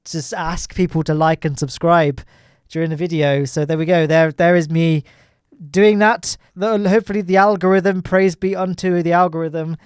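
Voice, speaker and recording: A man's voice: on the high side, steady tone, normal speed, clean tone, no room sound, clean studio sound. A man giving jokey, self-deprecating commentary over gameplay footage, chuckling often. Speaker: gaming YouTuber.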